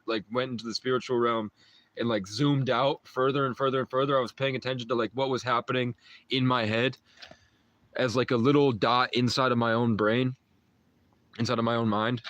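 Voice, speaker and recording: A man's voice: medium pitch, fairly even intonation, a little fast, fairly bright tone. Rambling young man telling a story. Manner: rambling, uses "like" often, trails off and restarts. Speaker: livestream host. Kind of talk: casual storytelling to a live chat.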